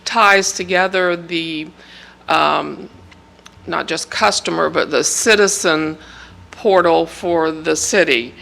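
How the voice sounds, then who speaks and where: Woman, meeting presenter, hesitant, gravelly, bright. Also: deep voice, takes it slowly, poor audio. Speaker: staff presenter.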